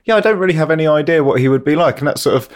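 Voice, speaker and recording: A man hosting a podcast, thinking aloud in a relaxed, musing way with fillers. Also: fairly high pitch, very fast. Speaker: podcast host. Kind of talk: casual interview chat.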